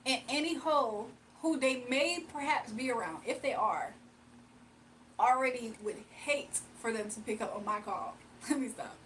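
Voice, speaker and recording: A woman's voice: on the high side, measured pace, fairly bright tone, a little hiss or hum, rough recording. A young woman hosting a casual livestream, chatting playfully with viewers, reading comments aloud and laughing often. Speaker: livestream host.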